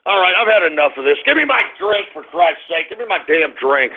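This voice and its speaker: A man hosting an internet radio show, ranting with profanity and shouting outbursts. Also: high voice, animated, a little fast, few pauses. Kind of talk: call-in internet radio rant. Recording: tinny phone-line quality.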